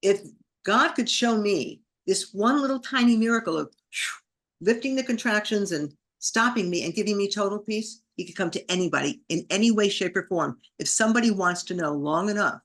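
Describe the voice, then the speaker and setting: A woman's voice: medium pitch, normal speed. A woman, a podcast guest, telling a personal story vividly, acting out her inner thoughts in an emotional way.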